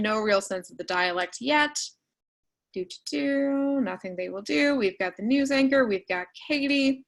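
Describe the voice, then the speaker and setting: A woman teaching a writing workshop over a video call, explaining in a casual, chatty way with many fillers and quick asides. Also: fairly high pitch, animated, poor audio. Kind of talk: online class walkthrough.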